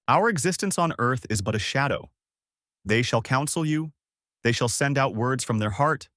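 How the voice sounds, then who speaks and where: A stern friend delivers a rebuke, solemn and measured, as a male reader voices him. The voice sits at an ordinary middle pitch. It is recorded dry and close, with no room sound. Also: a bit bright, no room sound.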